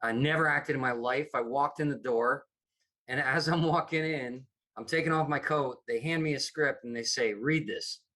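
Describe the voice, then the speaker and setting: A man's voice: mid-range voice, normal speed, pushed and bright. A middle-aged man from upstate New York, a comedy producer chatting as a podcast guest, rambling with many restarts. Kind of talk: casual interview chat.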